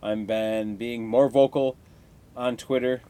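A man's voice: medium pitch, steady tone, slow, warm tone, clear, resonant tone. A young man hosting a casual solo podcast, ranting heatedly with constant swearing. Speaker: podcast host.

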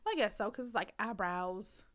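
A woman's voice: medium pitch, lively intonation, a little fast, fairly bright tone. A woman, chatting casually and teasingly, laughing and acting out quotes. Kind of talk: casual couple chat.

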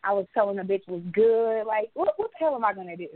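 A pregnant woman co-hosts a casual podcast, launching into an animated story and swearing freely. Her voice sits mid-range and comes through a narrow, tinny phone-like line. The sound is dry, with no room around it. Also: medium pitch, quick pace, no echo. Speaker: podcast co-host. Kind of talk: casual chat.

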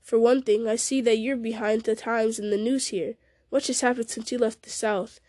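Woman reading as a quiet, composed male hobbit. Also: on the high side, steady tone, normal speed, no room sound, natural voice. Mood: calm.

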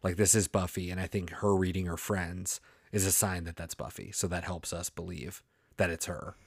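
Deep-voiced male podcast co-host, measured, dry close sound. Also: little pitch movement, creaky, husky, dry recording. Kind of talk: casual chat analyzing a TV episode.

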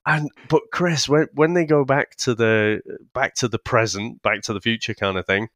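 A man's voice: medium pitch, normal speed, fairly bright tone, no room sound, clean studio sound. A man co-hosting a podcast, swearing, laughing often and restarting his sentences as he chats casually about a film. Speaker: podcast co-host reviewing films. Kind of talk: casual film review chat.

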